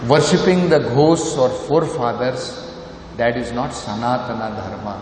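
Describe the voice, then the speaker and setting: A man's voice: medium pitch, unhurried, a little mellow. Emphatic Indian man preaching in an echoey hall. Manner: emphatic, asks rhetorical questions and repeats points. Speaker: lecturer of scripture. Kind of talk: sermon. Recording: echoey hall with faint noise.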